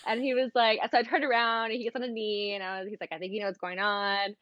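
A woman's voice: mid-range voice, level tone, quick pace, no echo, highs cut off. A young American woman, a podcast guest, telling a long personal story in casual chat. She talks animatedly, acts out the dialogue she quotes and says "like" often.

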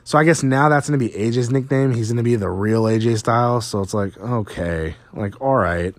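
A man's voice: mid-range voice, fairly quick, dry recording. A man casually recapping a wrestling show, rambling and swearing, with lots of fillers.

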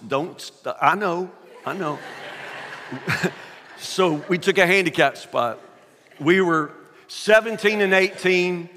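Starszy kaznodzieja z południa USA, jasny głos. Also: male voice, sits high, sharp tone. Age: older. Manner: chatty, self-deprecating storytelling with asides. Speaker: preacher. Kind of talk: sermon with humorous personal story. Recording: echoey hall.

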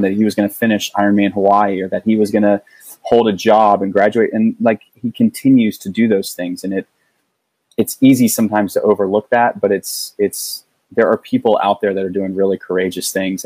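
A middle-aged man telling a personal story in casual conversation, earnest and halting, often restarting his sentences. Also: lowish voice, darkish tone, dry recording, poor audio. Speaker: guest.

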